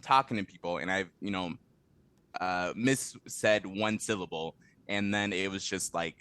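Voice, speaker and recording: A man being interviewed in a casual conversation, relaxed and quick to laugh, with many fillers and restarts. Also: sits low, smooth, dry recording. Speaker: interview guest, translation company head.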